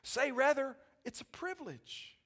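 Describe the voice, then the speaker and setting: A pastor with a high-pitched male voice preaching a sermon with fervor. He punctuates his points with calls to the congregation and presses hard on them. He speaks. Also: lively intonation, unhurried. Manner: emphatic preaching with frequent "amen?" calls, dropping to a hushed altar call.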